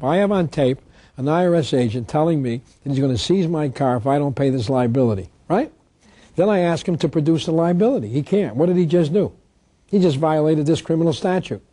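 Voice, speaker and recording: A man's voice: medium pitch, mellow, husky, no echo. A man giving an instructional talk, emphatic, asking rhetorical questions and answering them himself. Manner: reads statutes aloud. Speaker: tax protest lecturer.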